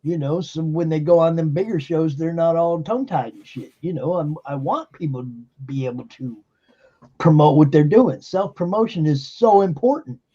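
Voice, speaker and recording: A man's voice: fairly high pitch, moderate pace, warm tone, slightly rough, dull audio. A man hosting a live stream, talking casually and emphatically with lots of fillers and swearing. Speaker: streamer and show host. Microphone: computer mic on a live stream.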